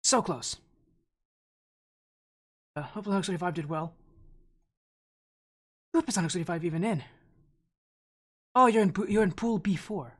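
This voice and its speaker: A man's voice: sits high, a little fast, pauses often, husky. Breathless, chatty male esports streamer. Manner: rambling, chatty, frequent restarts and fillers, greets viewers. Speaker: esports caster streaming a team watch stream. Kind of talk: casual live-stream chat.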